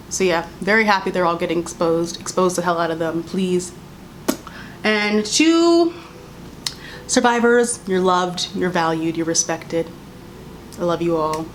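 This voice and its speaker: A woman's voice: fairly low pitch, expressive, a little slow, long pauses, slight background noise. A young adult woman vlogging, speaking heatedly and emphatically, repeating her points and mimicking others mockingly. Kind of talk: impassioned commentary to camera.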